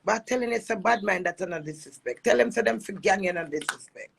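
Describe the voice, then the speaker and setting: A Jamaican woman with a gravelly, husky voice, airing a heated complaint about her marriage in an emphatic, repetitive monologue that mixes patois and English. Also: mid-range voice, a little fast, slight background noise. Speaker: dancehall personality airing a marital dispute.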